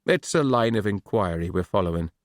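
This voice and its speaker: A man voicing a male police detective who asks measured, probing questions in an audiobook. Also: fairly low pitch, lively intonation, no room sound, clean studio sound, lightly acted.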